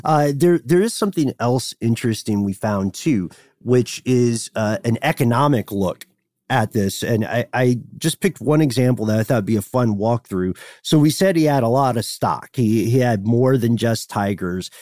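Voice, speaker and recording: A man's voice: medium pitch, normal speed, a little mellow, no room sound, clean studio sound. Playful man co-hosting a podcast. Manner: playful, jokey storytelling. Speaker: podcast co-host. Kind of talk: casual history podcast chat.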